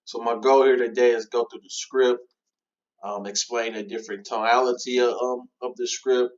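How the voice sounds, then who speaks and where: A man giving a relaxed, casual walkthrough of a cold-call script, with many fillers as he coaches callers. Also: medium pitch, moderate pace, muffled recording. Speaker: real estate trainer.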